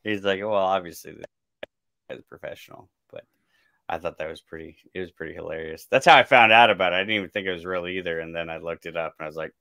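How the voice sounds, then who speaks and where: Low, bright-voiced sarcastic man. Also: very fast, clean tone, dry recording. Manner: sarcastic, rambling with fillers. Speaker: podcast panelist. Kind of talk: casual chat.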